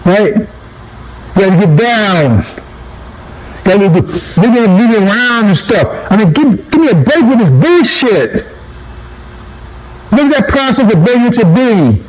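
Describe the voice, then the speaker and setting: A man's voice: high-pitched, big pitch swings, unhurried, long pauses, slight background noise, poor audio. A man giving a casual street-style sermon, talking conversationally, repeating himself, chuckling and checking in with listeners with "right?". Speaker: preacher.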